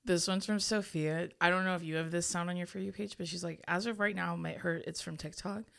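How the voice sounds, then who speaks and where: A young woman with a slightly low voice co-hosts a casual podcast. She talks in an animated, giggly way, reading out listener suggestions and chatting with her co-host. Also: brisk, creaky. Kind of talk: casual chat.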